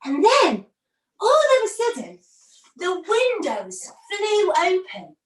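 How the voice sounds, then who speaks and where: High, unhurried female kids yoga teacher, storyteller energy, recorded far off in an echoey room. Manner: animated, gasping with wonder. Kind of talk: story-led yoga lesson for children. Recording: roomy, from a distance.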